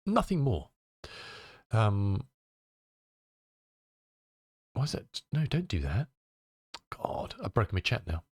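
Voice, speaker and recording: A man's voice: on the low side, very animated, takes it slowly, pauses often, breathy edge, dry recording, studio quality. A male streamer chatting casually with his viewers, muttering to himself as he tinkers and answering chat messages.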